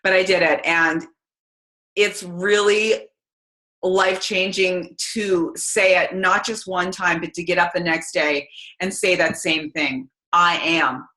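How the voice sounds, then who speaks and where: A chatty, energetic woman, giving a casual motivational talk to her team. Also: lowish voice, takes it slowly. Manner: chatty and energetic, many fillers. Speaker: team call speaker. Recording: roomy echo.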